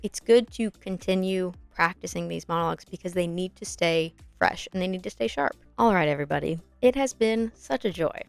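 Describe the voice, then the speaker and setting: A young woman podcast host coaches actors in a friendly, encouraging tone and walks through examples step by step. Her voice is smooth and clear, recorded close and dry, with faint music underneath. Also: fairly low pitch, brisk, hardly any pauses, no echo. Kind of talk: casual instructional podcast talk.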